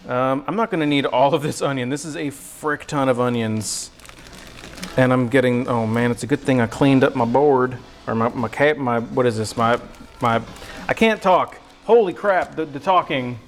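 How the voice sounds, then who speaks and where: A man's voice: mid-range voice, moderate pace, poor audio. Upbeat slangy man cooking on stream. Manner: upbeat, slangy and self-deprecating, chatting to viewers. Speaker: cooking livestream host. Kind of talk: casual livestream chat while cooking. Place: home kitchen.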